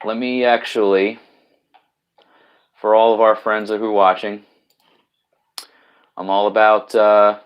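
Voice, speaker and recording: A man's voice: on the low side, flat delivery, takes it slowly, long pauses, smooth, muffled recording. A man hosting a casual live stream from home on his laptop, greeting viewers, reading out their comments and rambling with many fillers and restarts.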